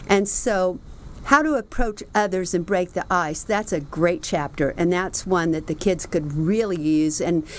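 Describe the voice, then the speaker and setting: A middle-aged woman hosting a book review show, chatting in a relaxed, storytelling way. She acts out remembered conversations with lively quoted voices. Her pitch sits at an everyday middle level for a woman. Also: slight background noise. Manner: chatty storytelling, animated quoting of others. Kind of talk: casual book review talk.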